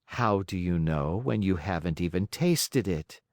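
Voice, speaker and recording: A man voicing a gentle, patient, motherly fairy who speaks softly and coaxingly in an audiobook. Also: deep voice, expressive, unhurried, no room sound, studio quality. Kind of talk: audiobook character voice.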